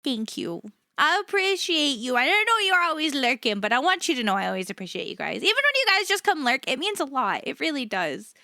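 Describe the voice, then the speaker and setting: A woman's voice: high-pitched, big pitch swings, a little fast, gravelly, hardly any pauses, pushed and bright, no room sound, studio quality. A woman streaming live, chatting casually with her viewers, laughing often and swearing freely.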